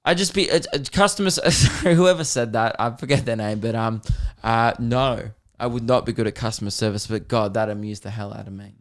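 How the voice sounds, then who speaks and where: A man with an Australian accent, a comedian hosting a podcast, telling stories in a casual, rambling, animated way. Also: mid-range voice, brisk, hardly any pauses. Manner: rambling, animated, slips into voices.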